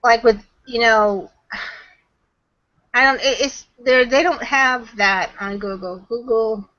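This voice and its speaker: A woman's voice: a little high, slow pace, a bit bright, highs cut off. A woman guest answering questions in a webinar chat, chatty and laughing often, often trailing off mid-sentence over a video call. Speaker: guest marketing trainer.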